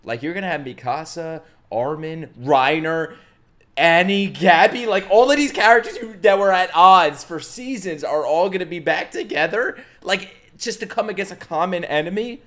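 A man giving casual reaction commentary as an anime reaction streamer, excitable and swearing freely. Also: sits high, moderate pace.

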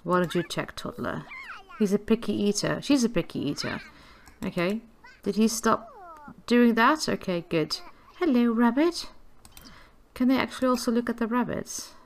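A woman's voice: fairly high pitch, moderate pace, vocal fry, a little hiss or hum. A woman giving casual gameplay commentary, chatty and giggly, cooing affectionately at the characters on screen. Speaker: gameplay video creator.

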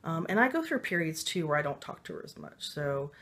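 A woman's voice: deep voice, big pitch swings, fairly quick, fairly bright tone. A woman casually telling a personal spiritual story, rambling with many fillers and little laughs, emotional and confiding. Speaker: spiritual vlogger.

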